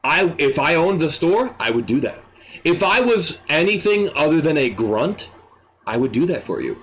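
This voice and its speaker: A man streaming, ranting in an exasperated, animated way and swearing freely. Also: on the high side, moderate pace. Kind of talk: ranting commentary.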